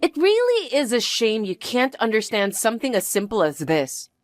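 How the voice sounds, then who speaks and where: A woman's voice: a little high, wildly swooping pitch, normal speed, no room sound, soft background music. A woman voicing a spoiled, boastful young stepsister who talks in a condescending, whiny and demanding way. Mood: smug, bratty. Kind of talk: dramatized story reading.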